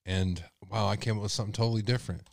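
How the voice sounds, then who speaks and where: A man's voice: lowish voice, fairly even intonation, rapid-fire, vocal fry, no room sound, clean studio sound. A man hosting a podcast, giving sarcastic, jumpy true-crime commentary and talking straight to his listeners. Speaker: podcast host.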